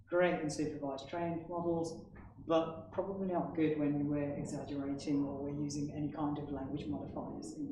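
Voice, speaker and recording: A man giving a technical conference presentation in an explanatory way, often checking in with the audience. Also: fairly high pitch. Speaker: conference speaker. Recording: echoey hall, distant mic, background noise.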